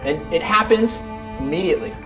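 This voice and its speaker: A man, an animal behavior trainer giving a lively live talk to rescue volunteers and acting out everyday scenes. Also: on the high side, brisk, music in the background. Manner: animated, acts out scenes with shouted mock voices.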